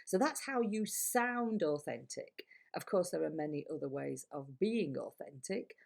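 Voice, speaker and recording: A Yorkshire woman coaching on public speaking in a candid, chatty talk to camera. Her voice sits fairly low and carries a gravelly, frayed edge. She throws in blunt asides as she goes. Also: expressive, a little slow, darkish tone. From Yorkshire, England. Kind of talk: casual to-camera advice talk.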